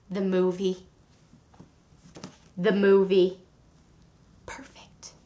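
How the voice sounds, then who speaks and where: A woman reviewing a book on her video channel, chatting in a gushing, excitable way with sarcastic asides. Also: a little high. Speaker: book vlogger.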